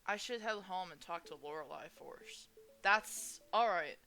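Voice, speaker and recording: A woman's voice: on the low side, animated, a little slow, pushed and bright, full character voice. A woman reading a fretful, self-blaming protagonist. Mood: worried. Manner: fretful inner monologue. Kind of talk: voicing a visual novel aloud.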